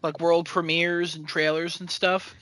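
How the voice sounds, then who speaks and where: A man hosting a casual podcast chat, easygoing and quick to laugh. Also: fairly high pitch, flat delivery, pushed and bright. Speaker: podcast host.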